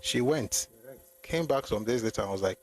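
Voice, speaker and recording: A man's voice: medium pitch, lively intonation, moderate pace, poor audio. A Nigerian man giving an opinionated monologue as a political commentator, emphatic and full of rhetorical questions. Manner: emphatic, rhetorical questions, repeats key points.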